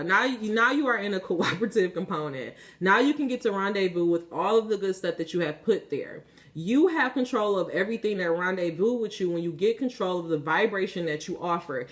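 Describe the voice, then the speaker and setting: Passionate, high-voiced woman giving a reading. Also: fairly bright tone. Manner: passionate, profane, preachy; casual, conversational. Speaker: tarot reader. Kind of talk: spiritual reading monologue.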